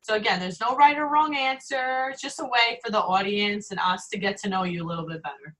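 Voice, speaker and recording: Woman, thirties, co-host, bright tone, chatty, self-mocking, casual chat. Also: mid-range voice, fairly quick, low-quality recording. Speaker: podcast co-host.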